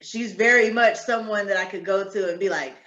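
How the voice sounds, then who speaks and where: Woman podcast cohost, animated and laughy, echoey room, kinda muffled lo-fi sound. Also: mid-range voice, fairly quick. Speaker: podcast co-host. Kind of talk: casual chat.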